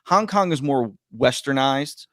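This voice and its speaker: A man casually telling a long story on a podcast, rambling and stumbling over his words, his voice swinging between loud bursts and quiet mutters. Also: medium pitch, lively intonation, measured pace, no echo, clean studio sound. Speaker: podcast guest.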